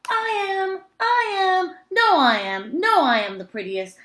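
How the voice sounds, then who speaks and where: A woman's voice: very high-pitched, very animated, unhurried, a bit bright, pitched above the performer's own voice, heavily acted. A woman squealing as a crowd of clamoring cats. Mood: quarrelsome. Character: chorus of squealing little cats, storybook. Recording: roomy echo.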